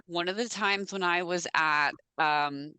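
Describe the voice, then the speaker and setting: A woman co-hosting a podcast, chatting casually and telling animated stories that she peppers with swearing. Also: fairly low pitch, unhurried, clean tone, no echo. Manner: animated storyteller, swears freely. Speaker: podcast co-host. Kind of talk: casual chat.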